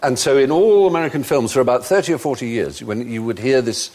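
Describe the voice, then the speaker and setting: A man hosting a comic panel quiz show in a studio, telling stories in a lively, animated way. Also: medium pitch, fast talker. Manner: animated storytelling, puts on squawky hen voice in jokes. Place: TV studio with audience.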